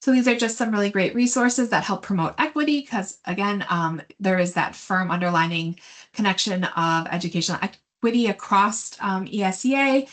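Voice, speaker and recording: A woman presenting program updates in an online meeting, hesitant, with frequent fillers as she works through slides. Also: mid-range voice. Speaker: state education program presenter. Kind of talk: webinar presentation.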